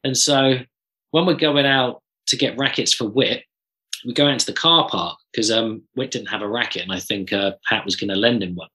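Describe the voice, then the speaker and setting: Male drummer, bright voice, lively anecdotal chat, swears freely. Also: mid-range voice, moderate pace, low-quality recording. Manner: animated storyteller, swears casually. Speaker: drummer guest. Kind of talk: casual podcast chat.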